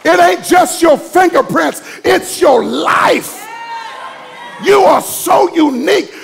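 A man preaching a sermon to a congregation, calling on them to respond, moving from hushed teaching to shouted preaching. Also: very high voice, lively intonation, takes it slowly, vocal fry, some chatter behind, a little hiss or hum. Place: church sanctuary with congregation.

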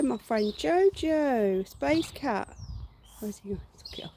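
A woman hosting a relaxed outdoor garden livestream, greeting viewers and cooing baby talk at her dog between bursts of laughter. Her voice sits high and swoops widely in pitch, and she takes her time between phrases. A faint hiss of background noise runs under it. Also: slow. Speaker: livestream host. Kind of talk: casual live-stream chat with pets and viewers.

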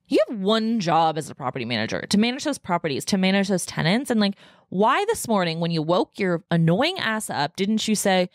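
Fired-up woman ranting, lively swoops. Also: mid-range voice, a little fast, no echo, clean studio sound. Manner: profane, fired-up venting. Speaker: podcast host. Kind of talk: casual solo rant. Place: home podcast room.

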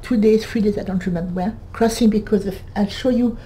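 A woman in her eighties from northern France with a French accent, giving a halting personal testimony, often restarting and repeating words. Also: medium pitch, fairly even intonation, mellow, a little hiss or hum, poor audio. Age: 80s. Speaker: Holocaust survivor giving testimony.

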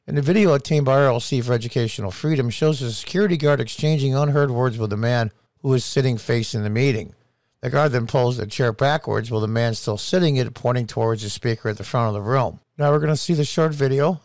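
A middle-aged man giving indignant opinion commentary, hitting key phrases slowly and emphatically. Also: medium pitch, dry recording, clean studio sound. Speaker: political commentator.

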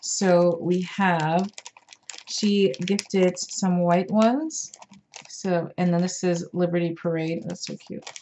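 A woman's voice: on the low side, steady tone, slow pace, darkish tone, slight background noise. A tired woman showing craft supplies in a casual, chatty vlog, gushing over each item with plenty of fillers. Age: adult parent. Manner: chatty, enthusiastic, many fillers. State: tired, yawning. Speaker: craft vlogger. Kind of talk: casual show-and-tell.

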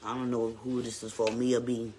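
A performer voicing a sassy, vain woman babysitter in a live-streamed comedy skit, loud and teasing, repeating lines and swooping up into squeals. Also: mid-range voice, level tone, a little fast, slight background noise, natural voice.

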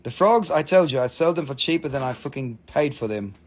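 A man hosting a live-stream mineral sale, gushing excitedly over each stone, swearing freely and calling out prices. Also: medium pitch, fairly quick. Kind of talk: live-stream sales chat.

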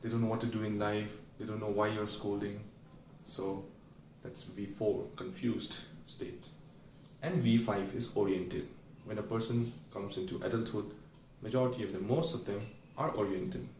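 This medical educator's voice is on the low side and darkish, with fairly even intonation and a moderate pace. He explains a memory aid using everyday scenes he playfully acts out, in a roomy, distant recording with a little hiss or hum.

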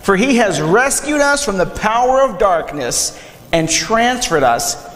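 A young man preaching a sermon, animated, acting out quick quoted asides in a church sanctuary. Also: high-pitched. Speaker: pastor. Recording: long hall reverb.

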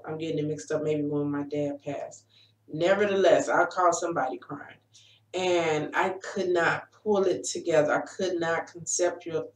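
A woman in her forties shares her personal story straight to camera, speaking earnestly and encouragingly. Her voice sits a little low. It comes from some distance and carries a roomy echo. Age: 40s. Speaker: life coach sharing her story.

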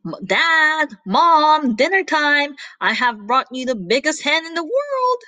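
A woman's voice: fairly high pitch, big pitch swings, normal speed, bright, forceful tone, a little hiss or hum. A woman voicing a small, naive young male wolf who speaks politely and eagerly. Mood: excited.

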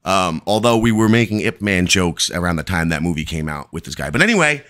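A man's voice: low-pitched, lively intonation, fairly quick, fairly bright tone. A man hosting a live stream, telling a long, rambling story full of profanity.

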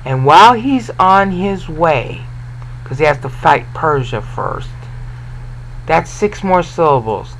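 Slow, explanatory man teaching scripture. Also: fairly high pitch, animated, a bit bright, slight background noise, poor audio. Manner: explanatory, repeats and restarts words, asks listener questions. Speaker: Bible teacher. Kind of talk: informal Bible lesson.

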